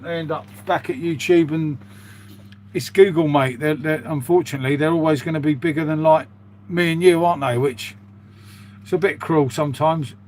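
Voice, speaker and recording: A man's voice: fairly high pitch, a little mellow, slight background noise. A British man chatting casually to his live-stream viewers, rambling and calling them "mate". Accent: British English. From United Kingdom. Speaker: live streamer reading chat.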